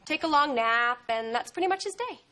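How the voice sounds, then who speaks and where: A woman's voice: high-pitched, animated, fairly quick, noisy background. A woman playing an earnest, self-absorbed sitcom sister. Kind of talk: sitcom acting.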